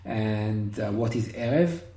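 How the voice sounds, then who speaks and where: A man teaching Hebrew one-on-one over a video call, patient and encouraging, repeating words slowly. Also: on the low side, lively intonation, mellow. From Israel. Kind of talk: one-on-one online language lesson. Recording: roomy video call audio.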